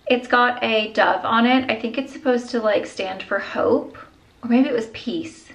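A woman's voice: on the high side, unhurried, gravelly, a bit bright, rough recording. Gushing chatty young woman vlogger. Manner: gushing and chatty, with gasps and whispered asides. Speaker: jewelry vlogger. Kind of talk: casual chat.

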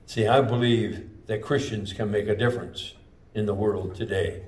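A man preaching a sermon as pastor, with slow, emphatic delivery and drawn-out phrases. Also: lowish voice, steady tone, darkish tone. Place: church sanctuary. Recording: echoey church room, mic at a distance.

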